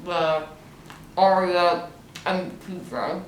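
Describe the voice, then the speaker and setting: A woman's voice: on the low side, fairly even intonation, very slow, slight background noise. A young woman with her mouth stuffed with marshmallows, recapping a TV episode in a rambling, blunt, swearing way. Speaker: host. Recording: echoey room, distant mic.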